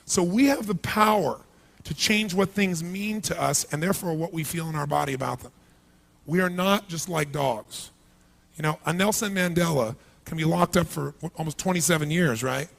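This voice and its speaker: Male motivational speaker, high-pitched, animated seminar delivery, questions the crowd directly. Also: moderate pace, creaky. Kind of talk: live seminar speech. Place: large event hall.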